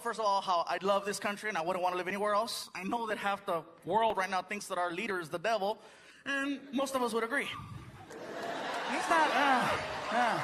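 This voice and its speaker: A male stand-up comedian from the United States, telling jokes in a playful, lively way and laughing at his own lines. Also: high-pitched. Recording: live club recording with loud crowd. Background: audience laughter and noise.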